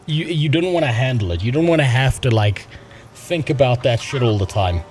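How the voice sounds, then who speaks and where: A man's voice: mid-range voice, lively intonation, a little fast, darkish tone. A young man streaming a video game, chatting casually in a blunt, profane and rambling way while reading chat. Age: young adult. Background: game music.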